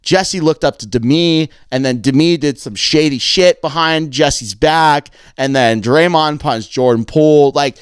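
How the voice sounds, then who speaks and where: A young man co-hosting a casual podcast, chatty and quick to react. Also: a little high, smooth, no room sound, clean studio sound. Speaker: podcast co-host.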